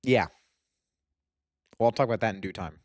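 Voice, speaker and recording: A young man reviewing movies in a casual vlog, excitable and gushing, with lots of fillers. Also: fairly low pitch, normal speed, dry recording, studio quality. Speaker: movie vlogger.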